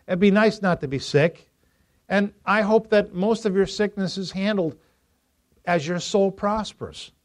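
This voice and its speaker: A male pastor preaching a sermon to a congregation, lively and joking with them, rising to loud emphasis. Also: a little high. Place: church before a congregation.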